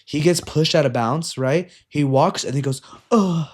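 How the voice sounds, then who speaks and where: A man's voice: fairly high pitch, normal speed, darkish tone. Profane young-adult man telling a story. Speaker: youth wrestling coach. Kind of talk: casual podcast chat.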